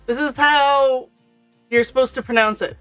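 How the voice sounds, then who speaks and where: Woman game streamer, chatty and laughing, unhurried, slightly high, faint music behind. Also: fairly even intonation, a bit bright, smooth. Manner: chatty, talks to her pet and viewers, laughs often. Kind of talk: casual chat while gaming. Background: faint intro music.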